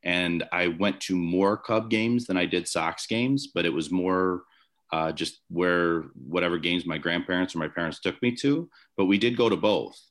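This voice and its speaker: Very deep-voiced man telling stories. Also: normal speed, a bit bright. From Chicago area, USA. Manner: rambling anecdotes with frequent restarts and fillers. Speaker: guest, former baseball umpire. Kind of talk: conversational storytelling interview. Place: home office.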